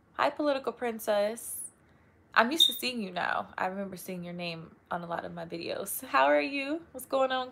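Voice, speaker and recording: A young woman hosting a casual live stream, chatting warmly with viewers, greeting them by name and saying "y'all", a little tired from long work weeks. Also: mid-range voice.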